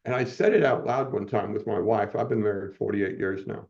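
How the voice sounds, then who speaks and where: This older podcast guest has a gravelly, darkish voice on the low side and speaks fairly quickly. In a casual interview he rambles through a personal story, chuckling frequently and restarting to correct himself. The recording sounds muffled and dull.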